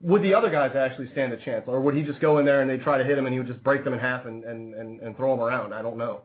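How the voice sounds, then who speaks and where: A male radio host in loose, rambling banter, with a middle-pitched voice. He plugs sponsors and reads out the call-in number between asides. The sound is thin and tinny, like it came over a phone line. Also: steady tone, rapid-fire.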